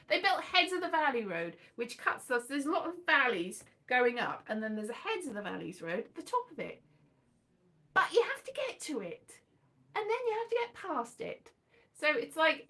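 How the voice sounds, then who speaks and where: A middle-aged woman chatting casually, rambling from one story to the next, animated, breaking into little cheers and snatches of song. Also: high voice, normal speed. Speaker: vlogger. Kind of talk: casual chat.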